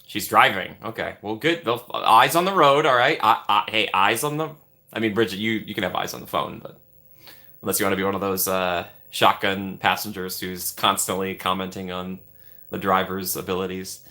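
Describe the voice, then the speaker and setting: A man's voice: normal speed, pushed and bright. A man hosting a casual live stream, upbeat and playful, greeting viewers by name as they arrive in the chat. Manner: upbeat and playful, greeting chatters by name with big swings in pitch. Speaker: livestream host.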